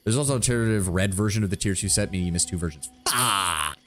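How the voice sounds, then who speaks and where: A man streaming a game, chatting casually with viewers, excitable and profane. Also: sits low, fast. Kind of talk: casual gameplay commentary.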